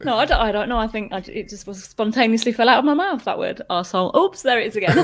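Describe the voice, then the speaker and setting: Female co-host, a bit high, playful and giggly, casual call. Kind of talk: casual live-stream chat.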